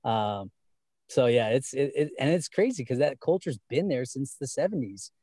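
Rambling man with a mellow voice. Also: medium pitch, lively intonation, normal speed, dry recording. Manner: rambling, many fillers and restarts. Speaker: fan guest. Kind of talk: casual conversation.

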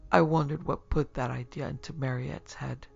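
A man's voice: medium pitch, steady tone, moderate pace, creaky, breathy edge, highs cut off. Man whispering as a shattered young lover. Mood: brooding. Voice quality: gasping, often whispered. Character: distraught young man, heartbroken and feverish.

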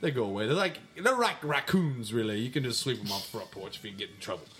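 A man's voice: mid-range voice, lively intonation, fast talker, fairly bright tone, pitched below the performer's own voice, lightly acted. A man playing a brash mailbag persona, answering fan questions in a rambling, mock-indignant way on a comedy podcast. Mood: swaggering. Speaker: podcast co-host. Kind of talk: comic mailbag segment.

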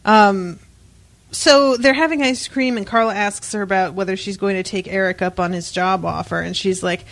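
A woman's voice: mid-range voice, fairly even intonation, normal speed. Sarcastic woman recapping a show casually. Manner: sarcastic, swears freely, storytelling. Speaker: podcast co-host.

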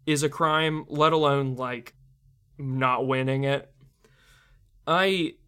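A man's voice: a little high, fairly bright tone, smooth. A young man reviewing a film in casual commentary, rambling with many fillers and laughs.

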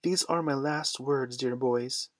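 A man's voice: mid-range voice, measured pace, dry recording, natural voice. A man voicing a firm, contemptuous young girl who mothers a band of boys.

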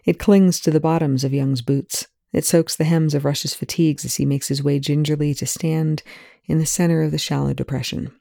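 An audiobook narrator quietly reading fan fiction in an even tone. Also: mid-range voice, moderate pace, vocal fry, dry recording, clean studio sound.

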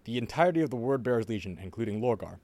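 A man on a podcast, casually retelling a story in a loose, animated way, with swearing and quoted voices. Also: medium pitch, racing, no echo. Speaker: podcast host.

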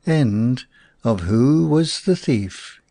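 Male audiobook narrator, slow, very lively pitch, dry close sound. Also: gravelly, dry recording. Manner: slow, expressive storytelling.

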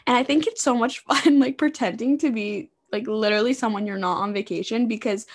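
Young woman chatting on a podcast. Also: a little high. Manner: chatty, quick asides, "like" fillers. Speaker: podcast co-host. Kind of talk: casual chat.

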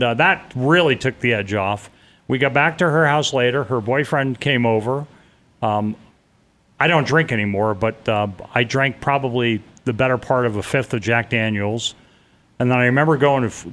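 A man's voice: mid-range voice, a bit bright. A middle-aged man telling a personal story in a casual, vivid way as an interview guest, acting out the voices of the people he quotes.

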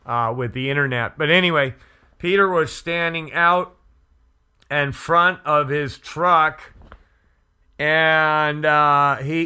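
A man who is a pastor, telling an earnest testimony story slowly and with emphasis. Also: mid-range voice, bright, forceful tone, smooth.

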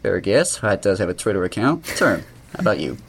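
A man's voice: on the low side, sing-song, brisk, husky. A man hosting a trivia segment on a casual podcast, playful and teasing as he asks and answers questions.

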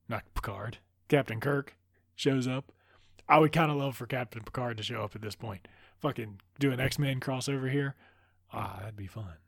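Gravelly man doing a sarcastic movie recap. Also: medium pitch, dry recording, studio quality. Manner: sarcastic, rambling asides, heavy swearing. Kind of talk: profane comedic movie recap.

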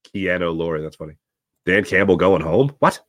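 A man hosting a sports talk stream, casually reading out viewer comments with sarcastic, animated asides. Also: low voice, normal speed, no echo, studio quality. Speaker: sports talk show host.

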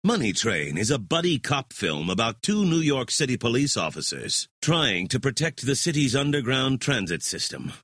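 A man reads true-crime narration with a dramatic rise and fall in his pitch. He sinks low on the darker phrases. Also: very animated, normal speed, hardly any pauses, a bit bright, husky, no room sound, clean studio sound. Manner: dramatic, with deep drops on ominous phrases. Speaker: narrator and host.

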